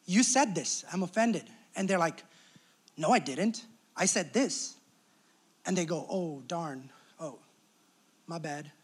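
A man's voice: on the high side, animated, slow, pauses often, slightly rough. A young adult man preaching a sermon as pastor, talking conversationally and acting out little quoted exchanges.

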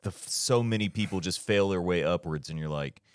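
A man's voice: deep voice, brisk, clear, resonant tone, no echo. A man co-hosting a casual podcast, giving blunt, profane opinions. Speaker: podcast co-host. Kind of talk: casual chat.

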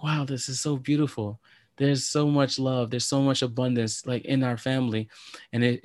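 A man's voice: on the low side, no room sound. A man in casual conversation, talking in an earnest, reflective way with many filler likes and restarts. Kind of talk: casual chat.

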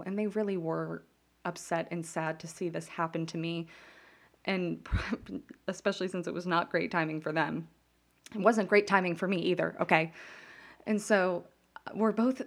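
A woman in her twenties, a podcast host, telling a personal story candidly, often restarting sentences and laughing at herself. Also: lowish voice.

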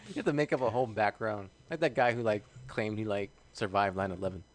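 A man's voice: fairly low pitch, moderate pace. A male podcast host in casual comedic chat, rambling with restarts, laughing often and swearing.

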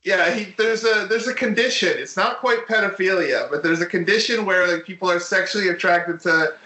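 Bright-voiced joking man in a roomy space. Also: high voice, a little fast. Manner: joking, storytelling, puts on voices in quotes. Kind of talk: casual chat. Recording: roomy echo.

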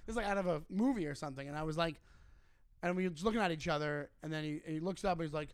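A man's voice: fairly high pitch, very fast, smooth, dry recording, studio quality. A man co-hosting a podcast, telling a story casually and animatedly, swearing freely. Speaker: podcast co-host, comedian.

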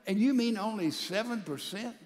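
A male pastor preaching a sermon to a large church congregation, calling out to the crowd and swinging between loud and soft. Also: high-pitched, normal speed, long reverb tail. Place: large church sanctuary with a balcony.

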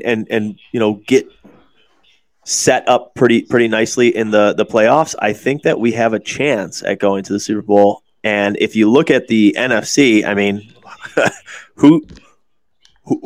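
A man's voice: on the low side, normal speed, dry recording. A man in his forties hosting a casual podcast chat, rambling and swearing, with lots of restarts. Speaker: podcast host.

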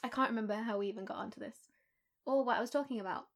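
A woman's voice: on the high side, rapid-fire. A young woman co-hosting a podcast, chatting casually and rambling with frequent laughter. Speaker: podcast co-host. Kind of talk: casual chat.

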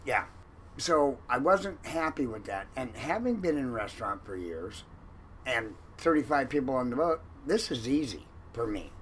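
A man telling a long story in an interview about his time as a fishing boat cook, animated and acting out the lines of others. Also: mid-range voice, moderate pace, a little hiss or hum, poor audio. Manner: animated, acts out quoted lines loudly.

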